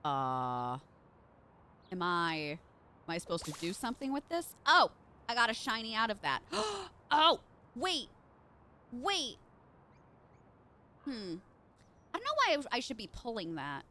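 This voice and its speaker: A woman with a sharp-toned, mid-range voice streams a game live, chatting with viewers and reacting as she plays. She's bubbly and talkative, reading chat aloud during her gameplay commentary.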